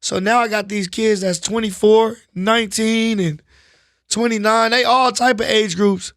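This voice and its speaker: A man talking casually in an interview, relaxed and slangy, often saying "you know what I'm saying.". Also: high voice, a little slow, no echo, clean studio sound. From Los Angeles, US. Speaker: rapper guest. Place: studio.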